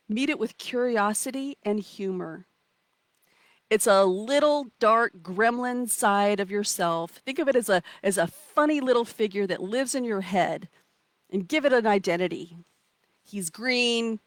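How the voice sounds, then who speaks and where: A woman with a medium-pitched voice leads a live online coaching session from outside, playful and encouraging. She warmly reads chat comments aloud and dramatizes inner voices. The recording is dry.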